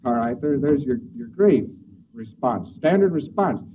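A man's voice: mid-range voice, expressive, a little slow. A man giving a conversational lecture with hesitations and acted examples, recorded on an old tape. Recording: old tinny distant tape with hiss.

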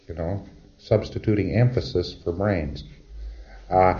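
Deep-voiced man lecturing on dull old tape. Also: steady tone, normal speed. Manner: conversational, wry, acts out exchanges. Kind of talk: recorded lecture to trainees.

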